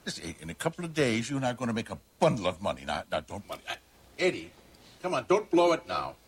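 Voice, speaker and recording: An actor playing a panicked, middle-aged mob boss who pleads and stammers. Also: male voice, medium pitch, sing-song, fast, slightly rough. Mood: panicked pleading.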